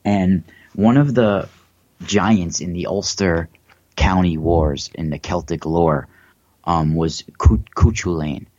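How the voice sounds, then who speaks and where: A man hosts a casual livestream, speaking slowly in a low, steady, slightly mellow tone. His monologue wanders and hesitates, with frequent fillers and restarts. The recording is dry, with the highs cut off.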